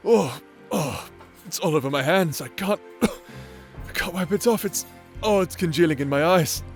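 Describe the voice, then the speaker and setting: A man voicing a teasing, affectionate necromancer husband in a whispered role-play, doting and laughing, speaking slowly and flirtatiously with a soft, breathy voice. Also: fairly high pitch, expressive, soft background music. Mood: playful fluster.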